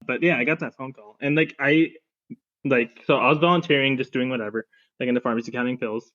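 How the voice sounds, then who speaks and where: A man's voice: medium pitch, fairly even intonation, fast, fairly bright tone, highs cut off. A young man on a casual podcast, telling a long personal story with lots of fillers and restarts. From Phoenix, Arizona. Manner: rambling, filler-heavy storytelling with many restarts. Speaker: podcast panelist, pharmacist.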